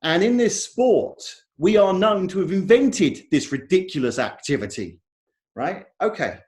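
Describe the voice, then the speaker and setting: A man's voice: sits high, sing-song, unhurried, darkish tone. A man with an English accent giving a technical conference talk over a video call, emphatic and repeating his key points. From England. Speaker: conference speaker.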